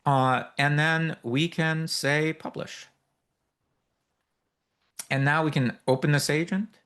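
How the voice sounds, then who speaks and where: A man teaching a live workshop, walking through a software demo in a loose, explanatory way with many fillers and asides. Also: fairly high pitch, fairly even intonation, slow, clean tone. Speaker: workshop instructor. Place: workshop room with a live audience.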